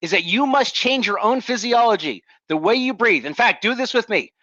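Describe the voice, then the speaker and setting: A man giving an energetic motivational talk to leaders, coaching the audience through exercises. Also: sits high, moderate pace, dry recording, dull audio. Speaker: leadership speaker.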